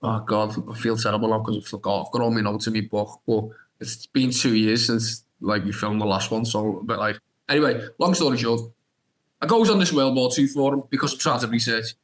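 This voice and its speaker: On poor audio, a young man guesting on a podcast tells a long, animated anecdote, rambling through restarts and filler like "da da da" and acting out his own reactions. His fairly low voice is steady in tone and brisk.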